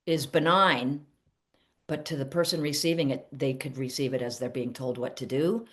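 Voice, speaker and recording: A middle-aged woman therapist teaching casually to camera, animated, acting out little quoted exchanges and laughing at herself. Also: sits low, normal speed.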